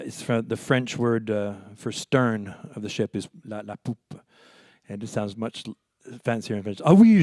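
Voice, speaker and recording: Between numbers at a live show, a Montreal-born male folk singer banters playfully, halting and padding his speech with fillers. He has a mid-range, slightly mellow voice. The recording is dry and studio-clean.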